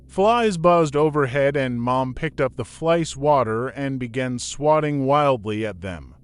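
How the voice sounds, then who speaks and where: A man narrating a scripted horror story in a steady, measured reading. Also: mid-range voice, clear, resonant tone.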